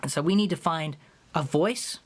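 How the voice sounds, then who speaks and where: A man's voice: fairly high pitch, moderate pace. A man talking in a jokey, self-mocking way in a comedic vlog, working as a musician in his home studio. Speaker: musician vlogger.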